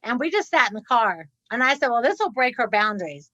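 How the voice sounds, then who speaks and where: A woman guest on a podcast, telling a story with lively laughter and acting out the people in it. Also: a little high, fairly quick, dry recording, dull audio. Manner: laughs often, acts out the people in her story. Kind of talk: animated storytelling.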